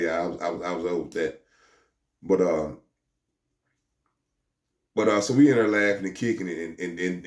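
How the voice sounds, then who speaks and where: A man's voice: low-pitched, reverberant. A man telling a first-person street story in casual slang, often restarting his words and acting out what others said. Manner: stammering restarts, slangy, acts out the voices of others.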